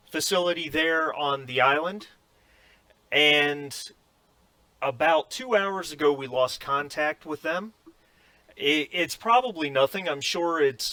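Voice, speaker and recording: A man voicing a polite, businesslike female space station officer over the comms, with halting fillers. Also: mid-range voice, pushed and bright, dry recording.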